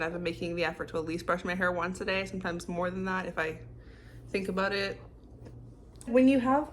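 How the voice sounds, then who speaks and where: A woman's voice: on the low side, a bit bright, a little hiss or hum. A young woman talking casually in a home vlog, rambling with lots of "like" and restarts. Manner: rambling, many fillers and restarts. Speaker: vlogger. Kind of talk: casual confessional vlog talk. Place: home kitchen.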